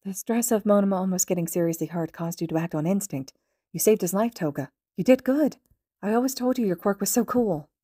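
A woman voicing a gentle teenage boy who soothes a friend in soft, stammering reassurance. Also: medium pitch, a little fast, husky, no echo, studio quality, voice pushed up, lightly acted. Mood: comforting.

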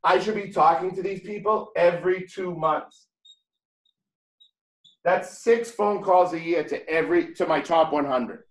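A man's voice: high voice, measured pace. Man, thick Boston accent, blunt and jokey, classroom training, echoey room. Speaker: real estate trainer.

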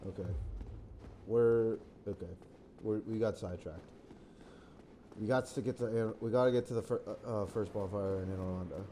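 A man's voice: lowish voice, fairly even intonation, moderate pace, pauses often, warm tone, slight background noise. A man hosting a let's play, rambling through casual gameplay commentary, thinking aloud and bursting into exclamations and curses.

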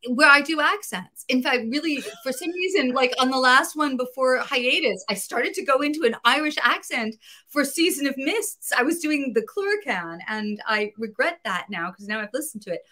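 A woman comic book writer, a guest in a casual interview, talking in an animated way, laughing often and searching for her words. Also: high voice, normal speed.

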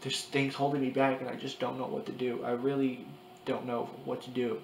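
A young man in his early twenties talking to his camera in a confessional vlog, crying, halting and repeating himself. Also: medium pitch, flat delivery, creaky. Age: 20s. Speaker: vlogger. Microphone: camera mic. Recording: echoey room with faint background noise.

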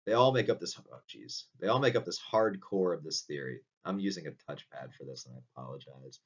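A man's voice: very deep voice, expressive, fairly quick. A man giving a recorded philosophy lecture, explaining step by step and often checking in with "right?". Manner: explanatory, frequent "right?" tag questions. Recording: dull distant lo-fi audio.

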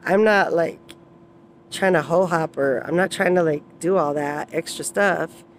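A woman's voice: on the low side, unhurried, a little hiss or hum. A woman telling personal stories in a casual vlog, rambling with many fillers and frequent laughs. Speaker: vlogger.

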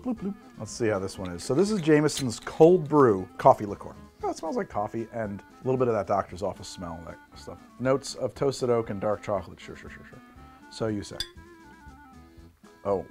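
A man hosts a casual tasting video, and his voice swings widely in pitch as he jokes and laughs. His delivery is animated and loose, and faint music plays softly behind him. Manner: animated, joking, breaks into laughs. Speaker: host. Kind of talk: casual spirits tasting vlog.

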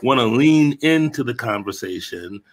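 A man's voice: medium pitch, animated, husky. A man speaking as a guest in a casual interview over a video call, often restarting his phrases. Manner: halting, repeats words as he starts. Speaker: guest, theatre director.

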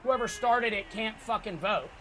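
A young man streaming a boxing game, swearing constantly and ranting to his chat with excitable shouted outbursts. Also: high voice, normal speed. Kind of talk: gaming livestream commentary.

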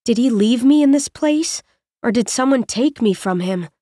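A woman narrating an audiobook in the first person, with measured, reflective storytelling on a close studio microphone. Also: a little high, lively intonation, dark tone, no room sound.

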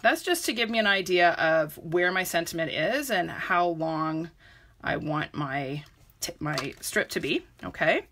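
A woman's voice: medium pitch, sharp tone. A woman giving a chatty live craft tutorial, talking viewers through each step and greeting them by name. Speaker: papercraft demonstrator.

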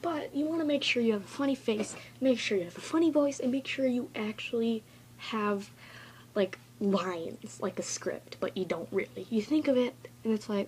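A woman's voice: a little high, normal speed, a little mellow, slight background noise. A woman recording a casual, rambling tutorial vlog in her bedroom, chatty and goofy and easily sidetracked. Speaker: vlogger.

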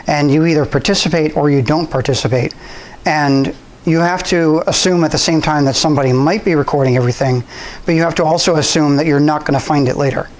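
A man's voice: a little high, fast talker, poor audio. A man presenting a talk at a computer club, speaking in a loose conversational way with restarts and fillers. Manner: conversational, relaxed, with frequent restarts and ums. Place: university room.

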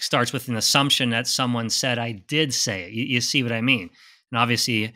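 A man's voice: mid-range voice, a little fast, bright, forceful tone. A man co-hosting a podcast who asks his partner questions, often stumbling and repeating words as he talks. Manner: inquisitive, stammers and repeats words. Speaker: podcast co-host. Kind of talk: casual conversational chat.

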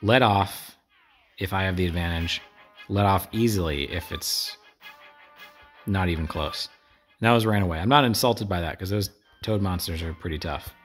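Deep-voiced man rambling over gameplay. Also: normal speed, a bit bright, soft background music. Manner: rambling, wry asides to viewers. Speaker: gameplay streamer. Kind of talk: casual let's play commentary.

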